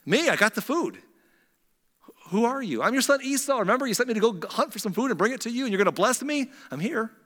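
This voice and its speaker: A man's voice: very high-pitched, very animated, quick pace, fairly bright tone, in a large hall, voice pushed up, exaggerated voice. A man voicing an eager young man who is tricking his blind father, in a raised, pushy voice.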